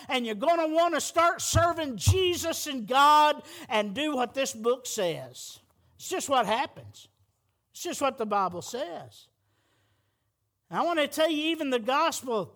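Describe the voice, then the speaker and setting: Preacher guy, fired up, high bright voice, gets loud and punchy. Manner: fervent, rising to loud emphatic peaks. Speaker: pastor. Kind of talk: sermon.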